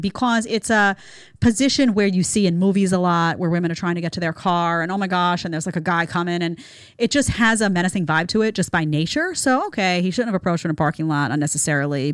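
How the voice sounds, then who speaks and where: A woman hosting a talk show, giving casual commentary in a chatty, animated way and acting out quotes. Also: lowish voice, dry recording, clean studio sound. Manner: animated, acts out quotes with put-on voices; lively, chatty. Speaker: show host.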